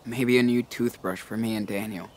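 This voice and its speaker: An actor voicing a wry, protective teenage older brother in a video game, with faint outdoor noise and birds behind. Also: male voice, lowish voice, steady tone, normal speed, close to an everyday voice. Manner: wry, guarded.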